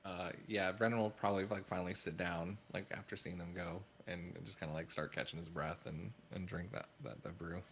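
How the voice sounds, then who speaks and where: A man playing a tabletop game, describing what his character does in a casual, hesitant way. His voice sits low, with faint background noise. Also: fairly even intonation, a little fast, few pauses, fairly bright tone. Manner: casual, hesitant, many fillers. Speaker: player.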